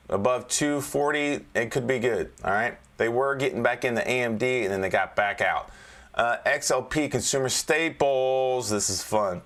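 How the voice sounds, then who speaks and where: A man walks through market charts in a relaxed, chatty way, cracking jokes as he goes. His pitch sits in an ordinary middle range. He keeps checking in with his listeners as a trading coach. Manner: chatty and joking, keeps checking in with "all right?". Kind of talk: casual screen-share market review.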